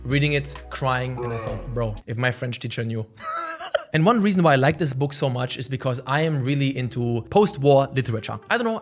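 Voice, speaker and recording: A young man from Germany casually recommending books in a vlog, animated and slangy, with jokey asides. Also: mid-range voice. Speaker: vlogger.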